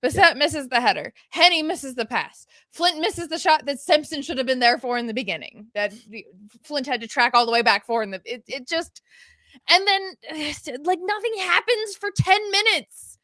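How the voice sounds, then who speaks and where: Bright high-voiced woman podcast co-host. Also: lively intonation, normal speed, dry recording. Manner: laughing, rambling play-by-play recap. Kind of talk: casual sports chat.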